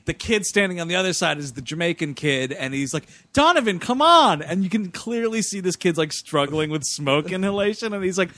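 A man chatting casually about a bad movie, animated, acting out scenes in quoted voices and swearing freely. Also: a little high, a little fast, hardly any pauses. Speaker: podcast co-host. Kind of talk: casual chat reviewing a movie.

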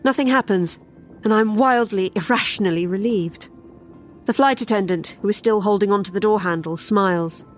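A woman's voice: medium pitch, normal speed, faint music behind. A woman narrating a first-person horror story in a wry, sardonic way.

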